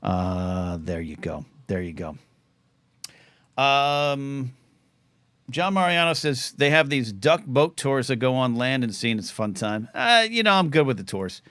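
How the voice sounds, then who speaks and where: A man's voice: mid-range voice, sing-song, measured pace, fairly bright tone, no echo. A man hosting a live call-in talk show, rambling casually and often restarting his sentences. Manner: rambling, self-interrupting. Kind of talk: casual livestream chat.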